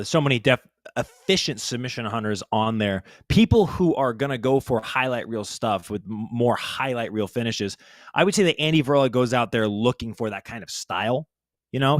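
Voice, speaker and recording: A man's voice: mid-range voice, no echo, studio quality. Man panelist, earnest and thorough. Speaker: new panelist. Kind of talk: casual panel analysis.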